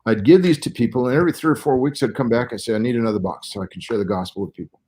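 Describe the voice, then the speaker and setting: Older male scholar in his sixties, from Southern California, careful and professorial, explains at length, middle-pitched voice. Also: very fast, a little mellow. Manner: careful, lecturing, explains step by step. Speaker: guest Bible scholar. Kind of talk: interview explanation.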